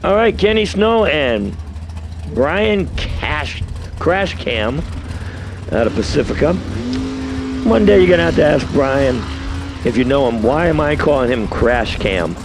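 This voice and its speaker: A man's voice: on the high side, lively intonation, unhurried, pauses often, background noise. A man with a New York accent calling results at a drag race, chatty and rambling with asides between runs. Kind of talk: live race commentary. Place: outdoor drag strip.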